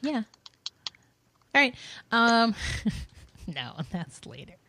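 A woman's voice: fairly high pitch, big pitch swings, very slow, pushed and bright, slight background noise. A woman co-hosting a casual gaming podcast and running through the news, chatty and full of "um" and "like". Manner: chatty, filler-heavy, many "um" and "like".

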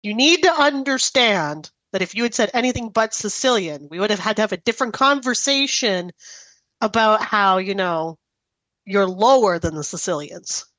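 A woman's voice: medium pitch, moderate pace, no room sound. Chatty woman telling family stories. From Italian-American family. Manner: animated storytelling. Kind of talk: casual chat.

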